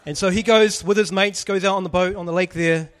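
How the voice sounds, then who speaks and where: A man's voice: high voice, fairly even intonation, a little fast. A man preaching a casual sermon, joking and putting questions to the congregation. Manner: chatty, jokey, asks the audience questions.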